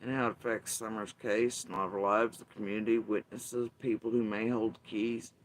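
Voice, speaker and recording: A man's voice: lowish voice, flat delivery, moderate pace, a little hiss or hum. A man hosting his channel, delivering bitter, profane, emphatic commentary in an angry rant. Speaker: channel host.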